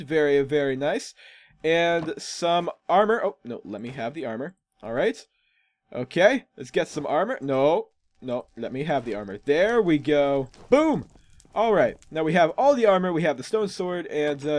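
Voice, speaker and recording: A man chats his way through a game, rambling and amused at himself. His voice sits a little high for a man and sounds dry and close to the mic. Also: no room sound. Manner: chatty, rambling, self-amused. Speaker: gaming channel host. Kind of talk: casual gameplay commentary.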